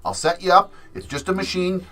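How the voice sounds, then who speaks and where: A man's voice: sits high, a little fast, fairly bright tone. A man, hosting a livestream in a casual chat, swearing often and laughing through his stories. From Canada. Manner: profane, laughing storyteller. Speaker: livestream host.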